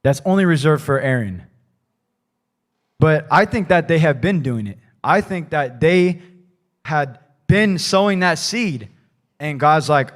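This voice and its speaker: A man's voice: on the high side, expressive, unhurried, pauses often. A man preaching a conversational sermon in a church, talking casually and loosely, often adding "like" and "right?". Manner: casual, rambling, peppered with "like" and "right?". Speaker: pastor.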